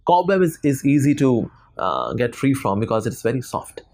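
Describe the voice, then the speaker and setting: A man's voice: medium pitch, sing-song, moderate pace, a little mellow. A man with an Indian English accent giving a devotional lecture to students, telling stories with acted quotes and many fillers. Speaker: spiritual lecturer.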